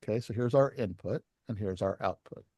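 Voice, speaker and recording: A man's voice: fairly low pitch, a little fast, darkish tone, slightly rough, no echo. Man lecturing a class, dry sound. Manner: explains step by step, asks the class questions. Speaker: licensing class instructor.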